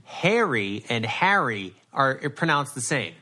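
A man's voice: medium pitch, sing-song, slow, sharp tone. A man with a Rhode Island accent, a guest in a casual chat, arguing his point insistently. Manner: insistent, argumentative.

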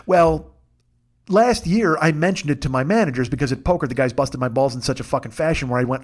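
A man's voice: medium pitch, fairly quick. A middle-aged man hosting a comedy podcast, ranting through a long profane story with self-mocking asides.

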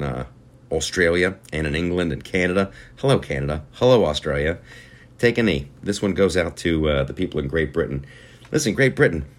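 Brief: crude, mocking male podcast host, deep voice, animated delivery. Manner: profane, rambling, mocking. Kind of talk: crude comedic rant.

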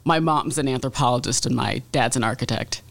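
A woman's voice: a bass voice, brisk, vocal fry. A woman from Detroit, an author being interviewed, answering in a thoughtful way with many ums. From Detroit, USA. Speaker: author guest.

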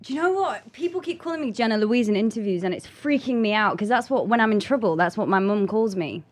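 A woman's voice: mid-range voice, expressive, fast. An English woman as a guest on a talk show, chatting in a casual, self-deprecating way. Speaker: guest actor. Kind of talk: casual chat.

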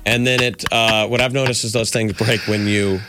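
A man co-hosting a radio morning show, chatting casually and telling animated stories into a studio microphone. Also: lowish voice, normal speed, loud music behind the voice.

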